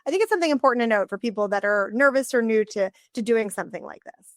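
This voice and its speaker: A woman's voice: on the high side, animated, very fast, dry recording, studio quality. A woman co-hosting a podcast, making points in a thoughtful, conversational way. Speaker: podcast co-host. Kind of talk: casual conversational interview.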